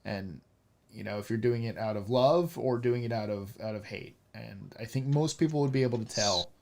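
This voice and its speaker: A man's voice: fairly low pitch, normal speed, creaky, a little mellow. A man in casual chat, talking animatedly with lots of fillers and restarts. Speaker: role-playing game player.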